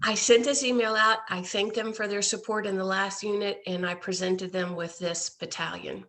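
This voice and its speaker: Over a video call, a woman guest in a casual interview tells the story of how her care-package project expanded, frequently slipping into quoted voices. She is a nonprofit founder whose earnest, medium-pitched voice sounds fairly bright, with fairly even intonation at a normal speed.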